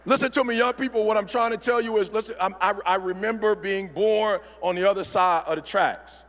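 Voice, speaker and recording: A man's voice: high-pitched, brisk, fairly bright tone. A middle-aged man giving a motivational speech on stage, talking in a punchy, preacherly call-and-response style. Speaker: motivational speaker. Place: large event hall. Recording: long hall reverb.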